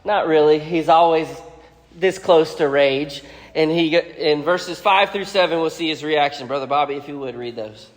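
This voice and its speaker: A man teaching a Bible lesson, retelling the story casually and acting out the characters' lines with lively energy. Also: a little high, normal speed, big-room sound.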